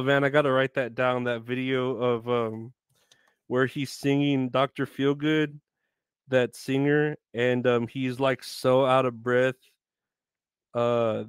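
A man's voice: medium pitch, clear, resonant tone, no echo, studio quality. A man hosting a live stream, rambling and joking between bits of song. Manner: rambling, joking, breaks into sung snippets.

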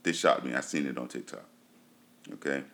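A man's voice: very deep voice, a little fast, gravelly, a bit bright. A man casually reviewing TV shows for his viewers. He talks loosely, with lots of fillers, and repeats himself for emphasis. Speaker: TV show reviewer.

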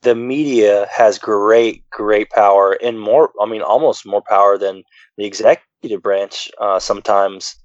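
A man's voice: fairly low pitch, steady tone, measured pace, no echo, highs cut off. A man co-hosting a casual political chat, rambling with many fillers and restarts. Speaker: podcast co-host.

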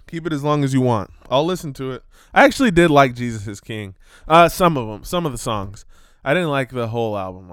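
Man, vlogger rant, smooth clear voice, dry close sound, loud outbursts. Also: mid-range voice, no echo. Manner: animated, swearing, jumps between topics with loud outbursts. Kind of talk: casual ranting commentary.

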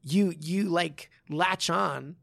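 A man who teaches martial arts, talking in a casual podcast chat and telling a story with animated swearing and frequent restarts. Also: fairly high pitch, drawn-out words, gravelly, dry recording, clean studio sound.

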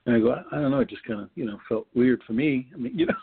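A man's voice: mid-range voice, big pitch swings, quick pace, gravelly, husky. Man telling stories over a tinny line. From New York. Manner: rambling anecdotes with many restarts and laughs. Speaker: actor guest. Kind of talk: casual storytelling interview.

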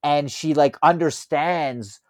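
A man in his thirties co-hosting a casual podcast chat, telling stories in a rambling, animated way. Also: on the high side, slow pace, no room sound, clean studio sound. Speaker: podcast co-host.

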